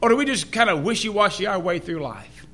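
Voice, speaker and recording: A preacher delivers a sermon with a high, bright voice. He talks in a folksy way and keeps putting questions to the congregation. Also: expressive, brisk.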